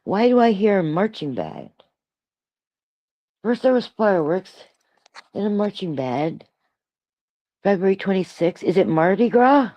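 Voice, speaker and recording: A Toronto woman in her sixties hosts a casual solo livestream, rambling, reading comments aloud and laughing often into a streaming mic. Her mid-range voice has big pitch swings, moving a little slowly with frequent pauses. The sound is lo-fi with no room sound.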